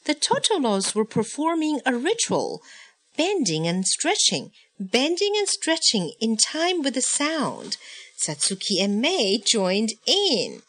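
A woman's voice: on the high side, huge pitch swings, takes it slowly, fairly bright tone. A woman reading a picture book aloud in a playful way, chanting the sound effects. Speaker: storybook reader.

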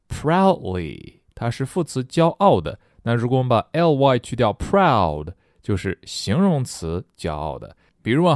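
A man's voice: mid-range voice, a little mellow, no echo, studio quality. A man teaching an English lesson in a playful, jokey way. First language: Chinese. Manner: playful, jokey, switches between languages. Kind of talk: lively English lesson with story reading.

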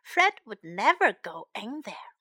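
A woman's voice: mid-range voice, big pitch swings, slow pace, bright, forceful tone, slightly rough, no echo, studio quality, exaggerated voice. A woman voicing a small, worried boy in a children's storybook reading, speaking earnestly. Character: small anxious boy who lost his dog.

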